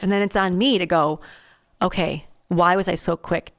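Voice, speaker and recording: A woman's voice: fairly low pitch, steady tone, moderate pace, dry recording. A woman co-hosting a podcast about marriage, reflective, often voicing quoted lines in conversation. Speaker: podcast co-host. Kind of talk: casual marriage chat.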